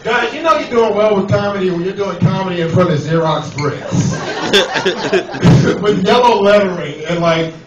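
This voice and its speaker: At a comedy club with a laughing audience, a young man with a New York accent performs a profane stand-up set and riffs with the crowd in a high-pitched, unhurried voice. The sound is echoey and recorded from a distance, crowd included.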